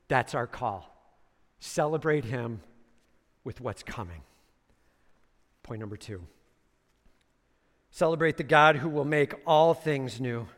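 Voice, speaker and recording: A middle-aged male pastor preaching a sermon, swinging from hushed to booming and emphatic. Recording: long reverb in a large hall.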